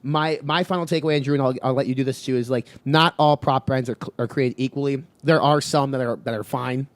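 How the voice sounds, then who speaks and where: A man's voice: medium pitch, steady tone, fairly quick, no room sound. A man co-hosting a podcast, casually summing things up in plain terms. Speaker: podcast co-host.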